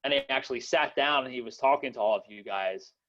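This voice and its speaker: A man's voice: medium pitch, fast talker, a bit bright, muffled recording. A young man hosting a podcast in casual chat, rambling with many fillers and restarts and laughing often. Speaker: podcast host.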